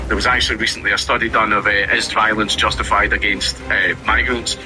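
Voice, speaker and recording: A man's voice: on the low side, flat delivery, brisk, hardly any pauses, music in the background, rough recording. A man giving sarcastic, ranting commentary, reading news aloud and then mocking it. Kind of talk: ranting commentary over gameplay.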